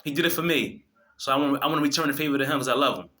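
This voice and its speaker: Man, fervent religious monologue, bright forceful voice, swears a lot, frequent restarts. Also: medium pitch, very fast. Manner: fervent, preachy, profane, many restarts. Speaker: video host.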